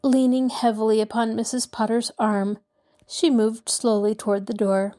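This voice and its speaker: A woman narrating a classic mystery novel aloud in a steady storytelling voice. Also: on the high side, normal speed. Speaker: audiobook narrator. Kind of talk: scripted narration.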